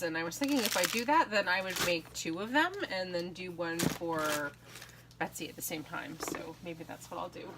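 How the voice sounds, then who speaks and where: A woman's voice: lowish voice, noisy background. A woman in her thirties, a craft vlogger, chatting casually and giggling as she shows off mail she received. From United States. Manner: chatty, giggly, trails off with ums. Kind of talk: casual chat.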